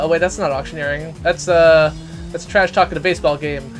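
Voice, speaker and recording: A man hosting a live game stream, chatting casually and ranting loudly in rambling asides. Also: a little high, quick pace, soft background music.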